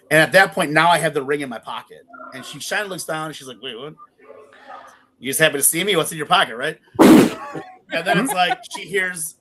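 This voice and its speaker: A man's voice: fairly high pitch, sharp tone. A man co-hosting a podcast, telling a long story in casual chat, swearing freely and acting out the quotes. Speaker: podcast co-host.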